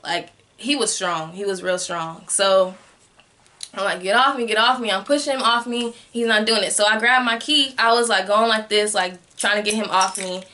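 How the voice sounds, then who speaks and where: A young woman telling a personal story in a candid vlog, filling her speech with "like" and growing soft and subdued at times. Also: mid-range voice, steady tone, normal speed. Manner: candid, heavy use of "like" as filler. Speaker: vlogger.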